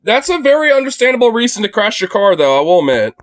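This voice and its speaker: High-voiced excitable man cursing and laughing. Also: fast. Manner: excitable, profane, laughs often. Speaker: livestreamer. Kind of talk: live reaction stream. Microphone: phone.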